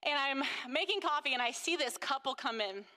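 High-voiced woman gushing through a faith story, lots of fillers, long hall reverb. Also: lively intonation, brisk, bright, forceful tone. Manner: gushing, full of fillers and restarts. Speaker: mother sharing a testimony. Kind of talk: casual faith testimony.

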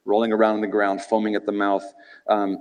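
A male preacher giving an expository sermon in a conversational, animated way, asking the listeners rhetorical questions. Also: lowish voice, a little fast, clear, resonant tone. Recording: reverberant hall.

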